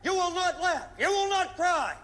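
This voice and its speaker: Profane, relentless film drill instructor; strained, pitched-up shouting, echoey playback. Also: male voice, moderate pace. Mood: shouting, interrogating. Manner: barking insults, crude and relentless. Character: brutal profane male drill instructor, merciless.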